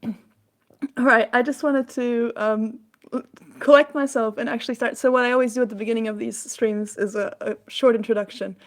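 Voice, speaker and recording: A woman's voice: a little high, steady tone, moderate pace. Giggly German woman on a stream. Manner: giggly, laughs often. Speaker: guest musician. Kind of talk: casual live-stream chat. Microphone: small USB mic.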